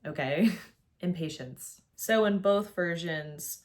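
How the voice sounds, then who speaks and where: Low-voiced young woman, chatty critic. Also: slow pace. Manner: chatty, opinionated, many "like"s. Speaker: video essayist. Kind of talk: casual video essay commentary. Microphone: facing a camera.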